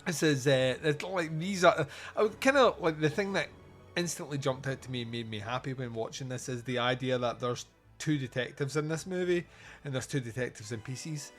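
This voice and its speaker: A man's voice: medium pitch, brisk, fairly bright tone, soft background music. Joking Scottish man hosting a podcast. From Scotland. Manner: jokey, rambling, laughs often. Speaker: podcast host. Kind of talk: casual podcast chat.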